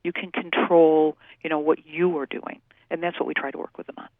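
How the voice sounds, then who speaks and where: A woman who works in domestic violence services, explaining things in a measured way with many fillers during a phone-in radio interview. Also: low voice, flat delivery, dry recording. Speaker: domestic violence program staff. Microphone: telephone. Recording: tinny phone line.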